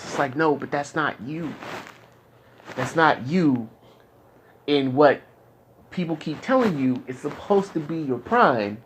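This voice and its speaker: A young man in the middle of a candid conversation. He talks at an ordinary middle pitch, frustrated and rambling, circling back over his words with halting restarts. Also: a little hiss or hum. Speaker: client in therapy. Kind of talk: candid casual talk.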